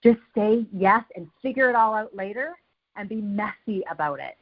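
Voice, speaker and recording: A woman guest speaker on a video team call, giving an energetic motivational talk and repeating phrases for emphasis. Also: mid-range voice, moderate pace, narrow, tinny audio.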